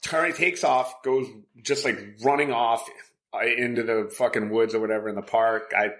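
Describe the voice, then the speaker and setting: On a casual podcast, a male co-host rambles through stories with plenty of profanity, fillers and bursts of laughter. He has a medium-pitched, fairly bright voice with fairly even intonation and a moderate pace.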